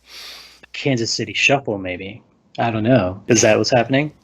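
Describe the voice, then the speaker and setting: A man co-hosting a movie podcast, casually retelling the plot in a rambling way and acting out lines with quick laughs. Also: fairly low pitch, noisy background. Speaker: podcast co-host recapping a movie. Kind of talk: casual chat. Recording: slightly dull lo-fi recording.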